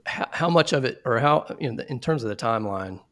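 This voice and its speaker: A man's voice: medium pitch, expressive, fairly quick, fairly bright tone. A man hosting an interview, asking curious follow-up questions and sounding openly amazed. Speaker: interview host. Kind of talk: casual interview conversation.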